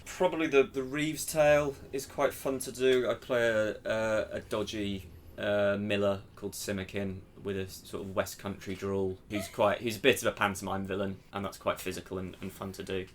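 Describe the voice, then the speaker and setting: A man actor chatting on a podcast about his roles, relaxed and quick to laugh. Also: on the low side, slight background noise. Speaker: actor in the company. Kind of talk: casual podcast chat.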